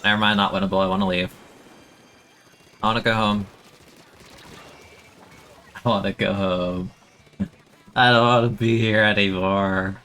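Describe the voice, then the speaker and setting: A young man streaming a video game, chatting excitably and self-mockingly, often stammering and repeating words. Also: lowish voice, a little slow, pauses often. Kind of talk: casual gameplay commentary.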